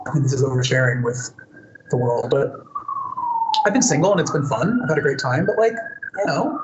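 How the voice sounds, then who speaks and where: A man's voice: a little high, dull audio. A man chats casually through fan questions, thoughtful and rambling, with lots of fillers and restarts. His voice bounces around an echoey room. A faint ambient hum sits underneath. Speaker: singer answering fan questions. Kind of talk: casual live Q&A. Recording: roomy echo, faint ambience.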